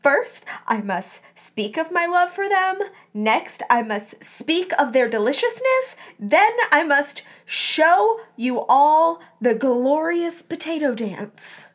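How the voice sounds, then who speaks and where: A woman voicing a passionate, exuberant teenage boy wizard who declaims loudly in a storybook reading. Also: sits high, big pitch swings, a little fast, voice pushed up.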